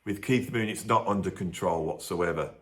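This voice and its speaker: A man hosting his video, telling music stories in a casual, animated monologue with frequent restarts and acted-out voices. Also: sits low, normal speed, husky. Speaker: drummer and video host.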